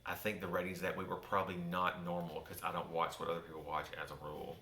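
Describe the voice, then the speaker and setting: Southern man, softened accent, theatrical storyteller, bright tone, roomy sound. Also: deep voice, completely flat delivery, fast talker, a little hiss or hum. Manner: wry, theatrical, with joking asides to the listener. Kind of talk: personal storytelling from his book. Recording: roomy echo.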